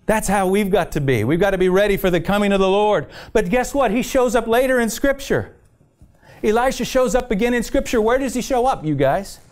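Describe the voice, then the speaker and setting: Brisk and expressive, his darkish voice sitting high, a male pastor delivers a sermon during a church service. He keeps prompting "amen?" from the congregation in call-and-response style while retelling scripture as a story and restarting often.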